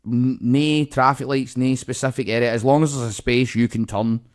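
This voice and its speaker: A man's voice: medium pitch, normal speed. Sweary Scottish man telling a wild story. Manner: animated storyteller, swears a lot, acts out voices. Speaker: podcast co-host. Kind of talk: casual storytelling chat.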